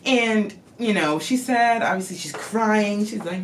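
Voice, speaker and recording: A vlogger casually recapping a movie, rambling, swearing freely and telling the plot in animated bursts. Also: medium pitch, unhurried, hardly any pauses, a little hiss or hum.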